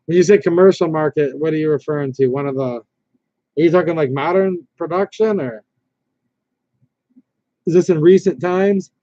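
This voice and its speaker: A man with a slightly high but mellow voice hosts a casual livestream. He rambles, reads viewer comments aloud and keeps restarting his sentences. The sound is dry and dull, like lo-fi stream audio. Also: moderate pace, pauses often, no echo. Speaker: livestream host.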